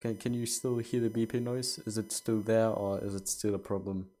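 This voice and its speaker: Halting, questioning male streamer voice. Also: lowish voice, fairly even intonation, warm tone. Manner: halting, repeats words, keeps asking viewers questions. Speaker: game streamer. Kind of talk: casual live-stream chat.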